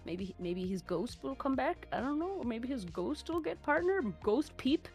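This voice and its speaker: A woman's voice: sits high, big pitch swings, moderate pace, darkish tone, husky, faint music behind. A young woman giving a melodramatic, giggly mock eulogy on a stream, swearing and playing up her grief. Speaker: mock funeral guest speaker.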